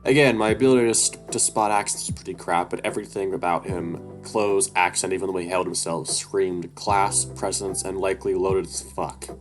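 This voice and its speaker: Low-voiced man reading a story game aloud. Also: flat delivery, moderate pace, hardly any pauses. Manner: loose, profane, asides and stumbles. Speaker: let's-play narrator reading a visual novel aloud. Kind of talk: casual read-through narration. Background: music.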